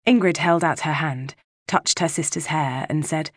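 A woman narrating a novel as an audiobook reader, measured and even, close to the mic. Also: low voice, dry recording. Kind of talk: scripted narration.

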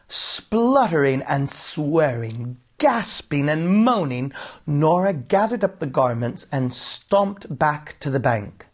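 Slow husky male storyteller. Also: a little high. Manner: expressive, unhurried storytelling. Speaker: audiobook narrator. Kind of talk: storybook narration.

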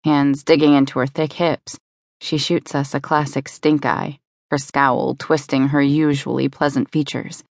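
Low gravelly woman reading a romance audiobook. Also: level tone, no echo, clean studio sound. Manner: measured, intimate, descriptive reading. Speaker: audiobook narrator. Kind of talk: first-person romance audiobook narration.

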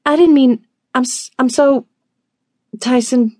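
A woman voicing a flustered, jealous young woman who squeaks and stammers in a high voice. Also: animated, moderate pace, darkish tone, slightly rough, no echo, clean studio sound. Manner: breathless, squeaky, high-pitched.

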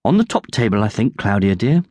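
A man's voice: on the low side, very animated, fairly quick, darkish tone, dry recording. A man voicing an elegant, kindly countess in a children's audiobook, gracious and affectionate.

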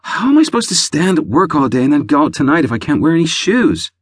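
A man doing a shrill, petulant young woman. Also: sing-song, quick pace, slightly rough, no echo, clean studio sound. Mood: whiny. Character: irritable young woman, hot-tempered and sharp-tongued.

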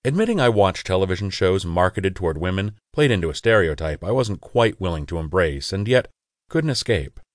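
A man's voice: deep voice, animated, a little fast, no room sound. A man reading a first-person audiobook in an intimate, confessional way, on a close studio mic. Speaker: audiobook narrator.

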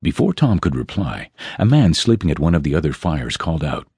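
A man narrating an epic fantasy audiobook in an extremely deep, husky voice that moves widely in pitch as he tells the story. The sound is close and completely dry. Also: very animated, fairly quick, a little mellow, dry recording.

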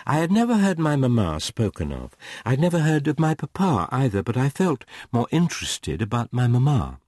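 A man reading a classic novel aloud as an audiobook narrator, measured and expressive. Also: medium pitch, no echo, clean studio sound.

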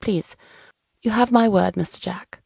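A woman's voice: medium pitch, a little slow, vocal fry, a little mellow, breathy edge, no room sound, clean studio sound, heavily acted. Woman reader doing anxious older house servant, stammering, deferential, kids' audiobook. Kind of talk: children's audiobook narration.

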